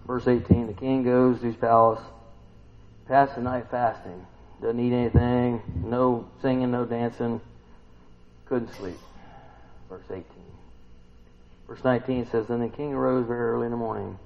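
A man preaching a casual sermon, retelling a scripture story and asking the listeners questions, swinging between loud and soft. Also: mid-range voice, vocal fry, lo-fi sound.

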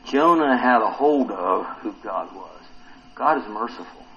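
A man's voice: on the low side, unhurried, dull audio, a little hiss or hum. A man preaching a sermon to a congregation, asking them questions and acting out the quotes he reads. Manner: animated, asks the congregation questions, acts out quotes.

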